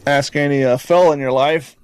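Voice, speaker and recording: A man hosting a podcast, telling a rambling, profane story in an animated, casual way. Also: fairly high pitch, fairly quick, clean tone. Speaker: podcast host.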